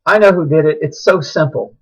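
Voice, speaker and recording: A man's voice: on the high side, fairly quick, a bit bright, slightly rough, low-quality recording. A middle-aged man delivering an impassioned, preachy monologue that rises into agitated outbursts. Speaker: speaker sharing religious views.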